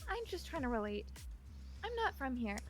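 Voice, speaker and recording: High, giggly woman player. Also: moderate pace. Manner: giggly, excitable. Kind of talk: casual tabletop game play.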